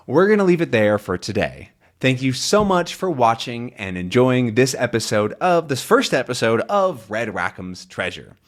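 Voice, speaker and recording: A man teaching English, explaining a comic story in a casual, patient way, stopping often to explain words. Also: mid-range voice. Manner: explains words slowly, many fillers and restarts.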